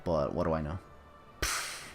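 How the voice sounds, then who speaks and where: A man with a low voice chats casually while playing a video game. He rambles offhandedly and drops joking asides as he goes. Faint game music runs quietly beneath his talk. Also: measured pace, gravelly. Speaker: gameplay commentator. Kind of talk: casual let's-play commentary.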